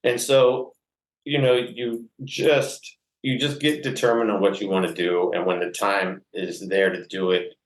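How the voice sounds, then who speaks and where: Man with a low voice, podcast guest, earnest and rambling, full of fillers, recorded in an echoey room. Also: level tone, unhurried. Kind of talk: candid personal storytelling.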